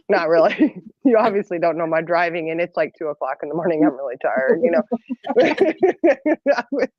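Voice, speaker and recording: A woman's voice: lowish voice, big pitch swings, moderate pace, darkish tone, no echo, highs cut off. A middle-aged woman telling a long story in casual chat, rambling and laughing often. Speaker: podcast co-host.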